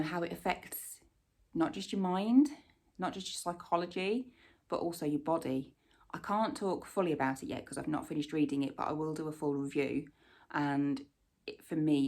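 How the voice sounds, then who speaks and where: Woman, 40s, low-pitched voice, casual vlog chat, rambling with fillers, enthusiastic. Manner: chatty and rambling, with frequent fillers and asides; warmly enthusiastic recommendations. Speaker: lifestyle vlogger. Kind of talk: casual product-favourites chat.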